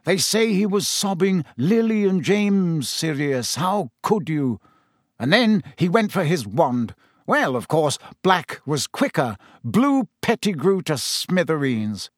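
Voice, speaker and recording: A pompous middle-aged minister, officious and brisk, whose voice rises and falls a lot as he holds forth, as a male narrator puts him on. Heard dry and close to the mic. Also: on the high side, very animated, dry recording, heavily acted. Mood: consoling.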